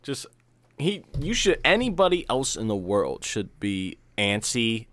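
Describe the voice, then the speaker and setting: A man's voice: mid-range voice, very animated, a little slow, a bit bright, no echo. A man co-hosting a podcast in casual chat. He is a laid-back, supportive listener who swears casually. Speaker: podcast co-host.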